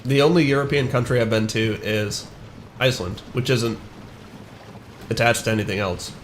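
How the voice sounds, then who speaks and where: A man's voice: medium pitch, normal speed, a little hiss or hum. A young man from the northern United States chatting casually with viewers while streaming a game, rambling and laughing at himself as he answers chat.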